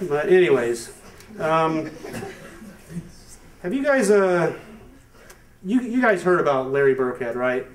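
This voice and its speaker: A man's voice: big pitch swings, moderate pace, pauses often. Rambling young-sounding male stand-up comic. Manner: rambling, self-amused, many fillers and restarts; breaks into high squeaky put-on voices for jokes. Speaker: stand-up comedian. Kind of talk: stand-up comedy set. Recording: distant mic, far from the speaker.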